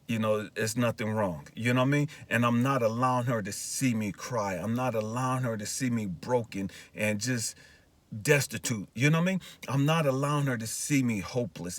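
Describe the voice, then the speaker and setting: A man's voice: medium pitch, no echo. A man telling a personal faith story in an earnest, repetitive way, often checking in with his listeners. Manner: earnest, repetitive, often asks "you know what I mean". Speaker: counselor sharing personal testimony. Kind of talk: emotional spoken testimony.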